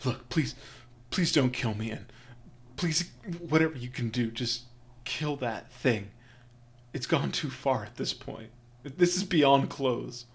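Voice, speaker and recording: A man's voice: mid-range voice, lively intonation, takes it slowly, gravelly. A man voicing a frightened, greedy male merchant who stammers and pleads for his life in a tabletop game. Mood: pleading.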